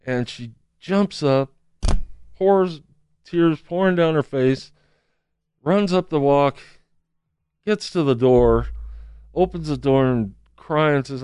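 A man's voice: fairly high pitch, slow pace, pauses often, a little mellow, clear, resonant tone, dry recording. A man telling a personal story as a testimony, acting out the people he quotes. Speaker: street counselor.

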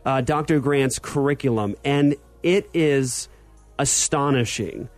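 A man's voice: medium pitch, slow, no room sound, faint music behind. A man in his thirties hosting a casual podcast, telling stories with lots of fillers and energy. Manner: animated storyteller, many fillers. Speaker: podcast host. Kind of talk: casual chat.

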